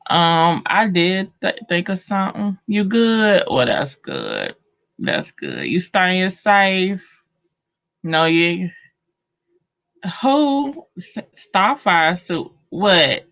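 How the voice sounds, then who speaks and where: A woman's voice: on the low side, very animated, extremely slow, creaky, fairly bright tone. A woman with a Southern accent chatting casually with viewers on a livestream, slangy and loose. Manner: slangy, laid-back, talks to chat. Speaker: livestream host. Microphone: phone. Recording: dull lo-fi phone audio.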